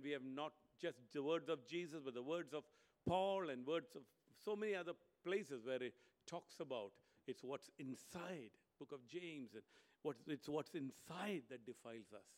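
A man preaching a sermon, animated, swinging between loud emphatic lines and hushed, quiet ones. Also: mid-range voice, moderate pace.

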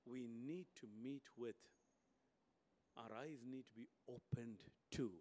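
A man preaching a sermon, animated, swinging between loud emphatic lines and hushed, quiet ones. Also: mid-range voice, normal speed.

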